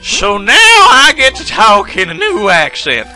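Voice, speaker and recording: A young man doing casual gaming commentary, swearing often and excitable. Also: high-pitched, unhurried, soft background music.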